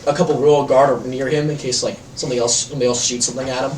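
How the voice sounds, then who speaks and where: A man's voice: medium pitch, little pitch movement, very fast, a little mellow. Rambling male game master, echoey room. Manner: rambling, heavy use of "like" fillers. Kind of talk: narrating a tabletop game. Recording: echoey room, distant mic, faint noise.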